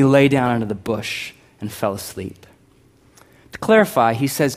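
A man preaching a sermon, conversational and animated, swinging from loud to hushed with humorous asides. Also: medium pitch, moderate pace. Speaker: pastor.

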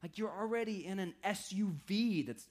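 A man preaching a sermon in a conversational style, with wry asides, often dropping his voice low for emphasis. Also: moderate pace, a little mellow. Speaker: pastor.

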